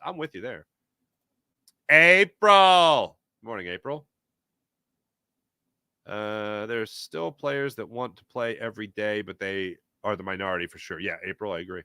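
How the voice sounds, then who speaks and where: A man hosting a casual sports talk show, talking emphatically and answering live chat with quick asides. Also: on the high side, pushed and bright, no room sound, studio quality.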